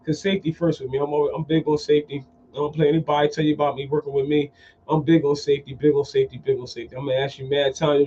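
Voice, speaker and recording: Profane, animated man with a fairly high voice. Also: racing, slight background noise. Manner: profane, animated, repeats phrases. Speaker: podcast host. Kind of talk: casual storytelling monologue. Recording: dull lo-fi sound.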